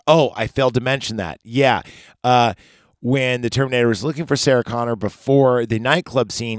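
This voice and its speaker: A man's voice: lowish voice, clean tone, dry recording, studio quality. A man hosting a podcast, casually recapping a film in a rambling, profane, sarcastic way. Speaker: podcast host.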